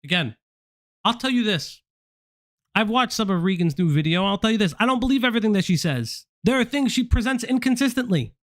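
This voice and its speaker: A man's voice: high voice, animated, fairly quick, a bit bright, dry recording. A man ranting on a stream, blunt and profane, lecturing someone he is angry at. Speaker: commentary streamer. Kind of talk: heated commentary rant.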